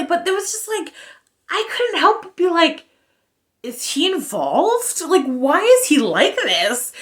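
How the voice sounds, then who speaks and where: A woman's voice: high-pitched, a bit bright. A woman in her thirties ranting casually in a book review, blunt and sarcastic, swearing freely with lots of fillers.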